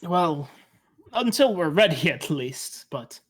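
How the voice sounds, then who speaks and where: A man's voice: fairly high pitch, sing-song, slow pace, exaggerated voice. A man voicing a hospitable male shopkeeper who chats and stammers a little. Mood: welcoming. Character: friendly male shopkeeper in a small town.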